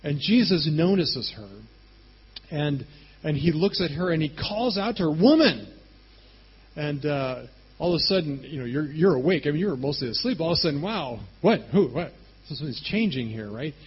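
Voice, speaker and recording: Male pastor, slightly high husky voice, chatty storytelling sermon, dull lo-fi recording. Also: brisk. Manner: conversational, animated storytelling with frequent "right?".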